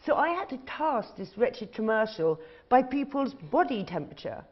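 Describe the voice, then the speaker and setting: A woman's voice: fairly high pitch, big pitch swings, moderate pace. A middle-aged woman, a casting director telling candid, casually profane anecdotes to an audience. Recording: dull lo-fi recording.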